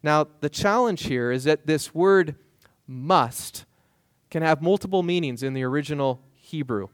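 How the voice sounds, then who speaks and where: A man preaching a sermon as pastor, lively and acting out the questions of biblical figures in his own voice. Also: on the high side, a little slow, no echo, clean studio sound.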